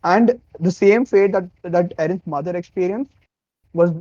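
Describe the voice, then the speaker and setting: A man's voice: high-pitched, moderate pace, mellow, no room sound. A man co-hosting a podcast, earnestly explaining anime plot points in casual chat. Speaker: podcast co-host. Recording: dull, dry lo-fi mic.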